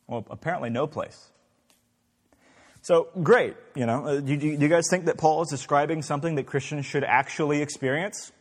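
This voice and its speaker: A man's voice: mid-range voice, big-room sound. A man leading an interactive Bible class, asking the group many questions in a conversational way. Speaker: Bible study teacher.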